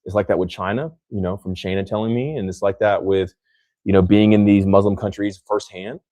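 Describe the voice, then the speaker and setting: Man, American, podcast host, casual chat, rambling restarts, low mellow voice. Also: steady tone, fairly quick, dry recording. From United States. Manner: rambling, many restarts, acts out other people in quotes.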